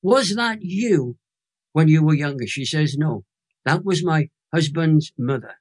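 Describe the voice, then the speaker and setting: A Welsh man in his eighties telling an emotional testimony story as an interview guest, with animated delivery and dramatic pauses. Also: a little high. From Wales. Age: 80s.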